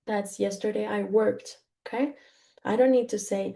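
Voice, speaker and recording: A woman's voice: mid-range voice, fairly even intonation, normal speed, creaky, mellow. A woman from Mexico teaching Spanish grammar to learners, patient and careful, checking in with "okay?" after each point.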